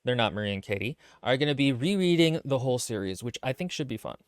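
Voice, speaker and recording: A man co-hosting a casual book-club podcast stream, talking in quick, joking asides. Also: mid-range voice, expressive, dry recording, studio quality. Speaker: podcast co-host.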